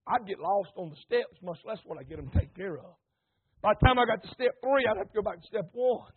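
A man preaching an impassioned sermon, repeating phrases, asking the congregation questions and rising to shouts. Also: high voice, fast, slightly rough. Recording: tinny phone-like recording.

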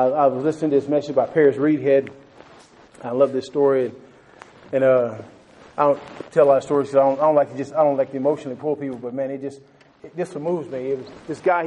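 A man's voice: medium pitch, steady tone, fast talker, dark tone, a little hiss or hum, poor audio. A man preaching a sermon and telling a story, talking fervently with frequent stumbling restarts, throwing in "man", and asking the listeners questions.

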